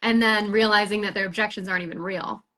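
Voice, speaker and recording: A woman's voice: medium pitch, fairly even intonation, fast, bright, forceful tone. A woman hosting a casual recruiting chat for a sales team, upbeat and rambling, full of fillers and restarts.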